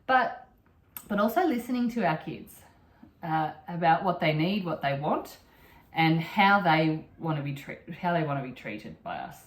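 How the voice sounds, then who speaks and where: Casting: middle-aged mum, lower voice, earnest and repetitive, echoey room. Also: female voice, very animated, moderate pace. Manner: earnest, repeats phrases while thinking. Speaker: podcast co-host. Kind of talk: casual conversational chat.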